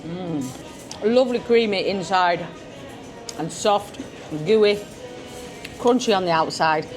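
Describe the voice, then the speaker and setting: A woman's voice: mid-range voice, takes it slowly, soft background music. A woman vlogging at a beachfront restaurant, chatting casually as she tastes tapas and hums her approval at each bite. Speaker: food vlogger. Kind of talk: casual food-tasting commentary. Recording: busy restaurant crowd behind.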